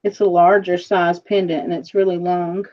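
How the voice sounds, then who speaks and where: A woman hosting a casual online jewelry sale, chatty and quick to laugh, describing items with lots of fillers. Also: lowish voice, flat delivery, darkish tone. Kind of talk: casual livestream chat. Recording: dull lo-fi livestream audio.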